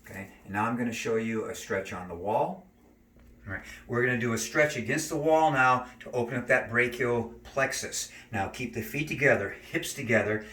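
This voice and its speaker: A man teaching neck and shoulder stretches, giving calm step-by-step cues and slow breathing counts. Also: medium pitch, far from the mic, a little hiss or hum. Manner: calm, cueing slow breathing and gentle moves. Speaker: stretching instructor. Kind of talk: exercise demonstration. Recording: roomy, from off mic.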